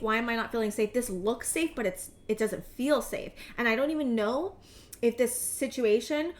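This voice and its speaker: A woman in her thirties speaks in a slightly high voice as she gives a heartfelt tarot reading. She is earnest and teary and stumbles over her words, circling back and restarting her sentences as she goes. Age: 30s. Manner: earnest, halting, many restarts and fillers. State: tearful, emotional. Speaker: tarot reader. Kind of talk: emotional intuitive tarot reading.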